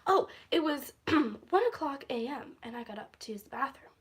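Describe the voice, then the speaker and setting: Young woman, somewhat high voice, casual phone vlog, rambling, easily sidetracked, laughs a lot. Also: animated, normal speed. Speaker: vlogger. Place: at home, indoors.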